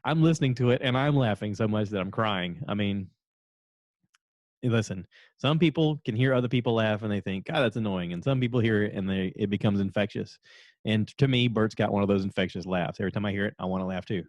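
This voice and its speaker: A man hosting his own podcast, chatting casually and rambling from one story to the next, now and then jumping into a high voice to quote people. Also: brisk, dry recording. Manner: rambling, animated, jumps into high voices when quoting people. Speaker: podcast host. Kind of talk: casual solo podcast chat.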